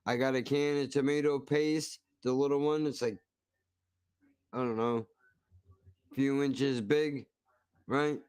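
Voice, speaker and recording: A man's voice: medium pitch, fairly even intonation, measured pace, long pauses, darkish tone, clear, resonant tone, no echo, clean studio sound. A man hosting a stream, reacting to a cooking video with profane, mock-outraged ranting. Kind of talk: casual reaction commentary.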